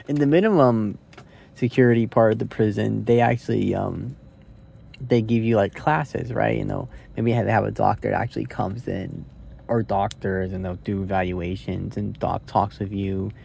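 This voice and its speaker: A young man records a loose, rambling movie review on his phone, thinking aloud and cursing casually. His voice is low and dark, with a husky, gravelly edge. He fills his talk with "like" and "right". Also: fairly even intonation, normal speed, a little hiss or hum. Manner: rambling, curse-laden, thinks aloud with many likes and rights.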